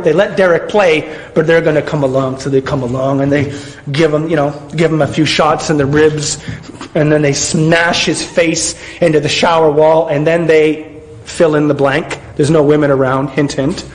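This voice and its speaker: A man's voice: fairly high pitch, steady tone, moderate pace, poor audio. A man giving a sarcastic film commentary monologue, often restarting his sentences.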